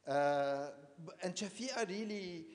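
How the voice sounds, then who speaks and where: A man's voice: high voice, expressive, a little slow. A man from Lebanon giving a personal storytelling talk as an artist, hesitant, repeating words and using many fillers. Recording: long hall reverb.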